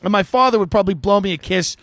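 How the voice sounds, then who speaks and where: Podcast host, middle-aged man with a high voice, rambling comic anecdotes, dry close sound. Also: quick pace, a bit bright, dry recording. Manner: rambling anecdote, frequent asides and filler. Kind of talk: comedic storytelling.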